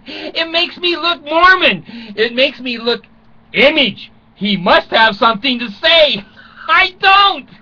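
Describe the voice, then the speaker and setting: An older man talks on and on in a loose comic monologue, cracking crude jokes at his own expense and chuckling between lines. His voice has a bright, sharp edge. The recording is dull and lo-fi, made in a small closet at home. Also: very high-pitched, lively intonation, slow pace. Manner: chuckles often, crude self-mocking jokes. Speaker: vlogger.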